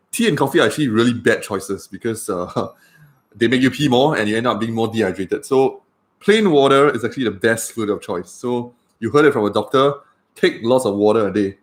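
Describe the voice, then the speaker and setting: A man, a doctor chatting casually on a livestream with lots of fillers. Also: medium pitch. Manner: chatty and rambling, with many fillers.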